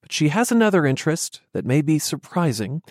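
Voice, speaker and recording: Male radio host, friendly and measured, expressive intonation, dry studio. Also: a little high, dry recording. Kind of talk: radio interview.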